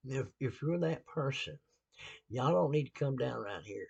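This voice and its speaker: Gravelly Southern man, folksy and blunt. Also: mid-range voice, animated, moderate pace, darkish tone, dull audio. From American South. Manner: folksy, blunt, laughing asides. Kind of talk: casual sermon-style talk.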